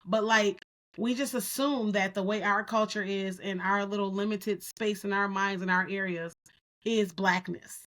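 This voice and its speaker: A woman's voice: medium pitch, a little slow. Candid woman podcast co-host. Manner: candid, animated storytelling. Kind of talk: casual podcast discussion.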